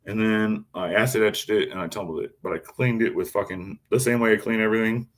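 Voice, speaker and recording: A man's voice: fairly low pitch, steady tone, brisk. A man chatting casually on a live stream, swearing constantly as he rambles about his knives and answers chat. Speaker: knifemaker streamer.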